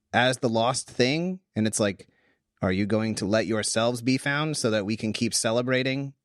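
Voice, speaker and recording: A man hosting a podcast, talking through a Bible passage casually, animated and full of restarts. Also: medium pitch, dry recording, clean studio sound. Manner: animated, thinks aloud with restarts. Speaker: podcast host.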